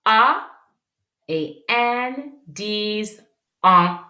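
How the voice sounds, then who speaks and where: Woman teacher for a kids' lesson, very slow careful enunciation, bright tone. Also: mid-range voice, expressive, echoey room. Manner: slow, exaggerated enunciation, repeating words; switches between English and French. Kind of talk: children's language lesson.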